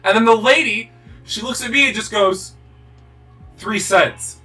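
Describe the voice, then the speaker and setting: A man's voice: very high voice, fairly quick, recorded from a distance, music in the background, poor audio. A young man co-hosting a gaming video, telling a rambling, swearing story with many restarts. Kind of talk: casual chat while playing.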